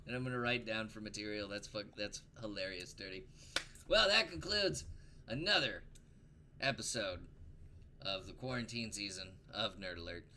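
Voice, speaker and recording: A young man co-hosts a livestreamed chat show, his voice bright and cutting as he riffs crudely and laughs a lot. His pitch swings widely from line to line, and a faint hiss sits under the recording. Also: normal speed. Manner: joking, crude and animated, laughs often. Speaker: podcast co-host.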